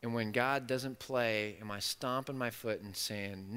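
A man preaching a sermon, animated and playful, acting out the voices of the story's characters. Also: mid-range voice, unhurried, clear, resonant tone. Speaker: pastor. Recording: long reverb of a large hall.

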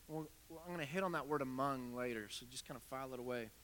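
A man's voice: medium pitch, fast talker, fairly bright tone. A man preaching a sermon as a pastor, telling a story conversationally and acting out the back-and-forth dialogue. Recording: reverberant hall.

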